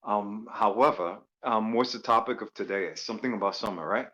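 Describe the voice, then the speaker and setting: A man from Louisiana calls in over a voice chat. He rambles and jokes, with plenty of "um"s. His voice is very low, and the call audio sounds a bit dull and muffled. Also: fairly quick, pushed and bright. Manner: rambling, joking, many fillers. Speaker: caller. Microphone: voice call microphone.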